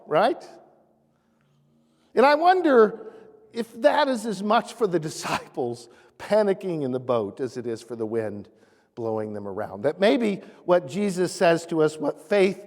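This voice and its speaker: A man preaching a sermon as pastor in a church sanctuary, earnest, rising animatedly and dropping soft. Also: a little high, big pitch swings, a little slow. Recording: echoey church hall.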